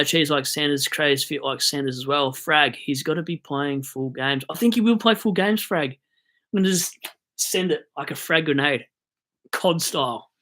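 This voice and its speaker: Young Australian male streamer, average pitch, bright edgy tone, wired and chatty, jokes as he goes. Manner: rambling, jokey, hyped on coffee. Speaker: fantasy football live streamer. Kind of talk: casual live stream chat.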